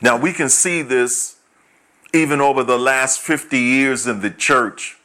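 A man's voice: mid-range voice, measured pace, bright, forceful tone. A man preaching a teaching sermon, reading scripture aloud and repeating each key point so listeners can write it down. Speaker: pastor.

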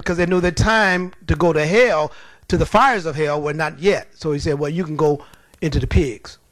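High-voiced preacher giving an emphatic sermon. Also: male voice, no room sound. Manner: emphatic, storytelling, colloquial.

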